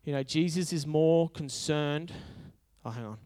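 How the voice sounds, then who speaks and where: Male pastor, sermon, resonant clear voice, humorous, emphatic repetition. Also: fairly high pitch, a little slow, warm tone.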